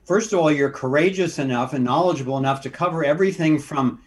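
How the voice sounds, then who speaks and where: A man who is a guest filmmaker, speaking in an earnest, measured, appreciative way in an interview. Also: on the high side. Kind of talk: conversational interview.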